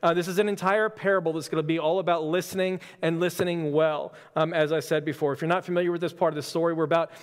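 A man, a pastor, giving a relaxed, conversational sermon with self-deprecating stories. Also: fairly high pitch, fast, hardly any pauses, clear, resonant tone. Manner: casual, storytelling, self-deprecating humor. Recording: long hall reverb.

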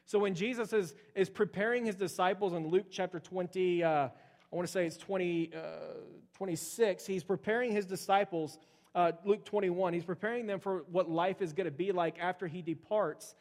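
A male pastor with a high-sitting, steady, darkish voice preaches at normal speed. His sermon is conversational as he explains scripture, full of fillers like "uh" and "okay".

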